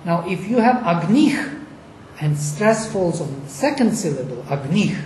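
Emphatic speaker explaining old chanting traditions, keeps asking the room "yes?", dark mellow voice, echoey room w faint hiss. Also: medium pitch, sing-song, unhurried. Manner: emphatic, asks rhetorical questions. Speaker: lecturer on Vedic recitation. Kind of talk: panel discussion explaining.

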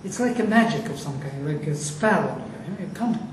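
With a fairly high pitch and lively intonation, a Sanskrit teacher passionately chants verses at a slow pace during a Vedic recitation lecture. Recorded in an echoey room far from the microphone, the clip has faint noise.

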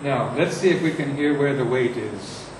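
A man teaching how to read verse aloud, reciting lines slowly and with heavy emphasis, recorded from far off in an echoey room. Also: mid-range voice, noisy background. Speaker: poetry teacher. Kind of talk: lecture on reading verse aloud.

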